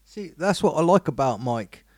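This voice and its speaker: A man's voice: on the high side, expressive, moderate pace, a little mellow, no room sound, studio quality. A man co-hosting a music podcast, joking and bantering casually with frequent laughs. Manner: jokey, playful, laughs often. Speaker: podcast co-host.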